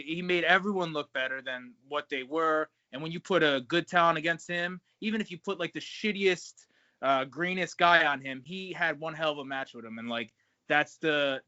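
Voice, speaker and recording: A man with a fairly high, bright, forceful voice talks in a loose, casual way, swearing freely and calling people man and bro. He is recorded dry over a video call. The sound is dull and lo-fi. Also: normal speed, no echo. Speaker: pro wrestler guest. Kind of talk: casual interview chat.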